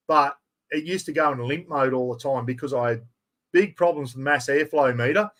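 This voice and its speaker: A middle-aged Australian man hosting a live giveaway stream, chatty and excitable, full of blokey slang. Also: medium pitch, normal speed. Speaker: livestream host.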